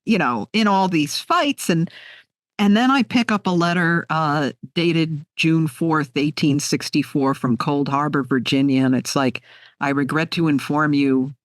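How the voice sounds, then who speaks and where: A woman in her sixties, an author being interviewed, telling stories in an animated, heartfelt way. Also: low voice, measured pace, no echo, clean studio sound. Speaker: author guest. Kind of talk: conversational interview.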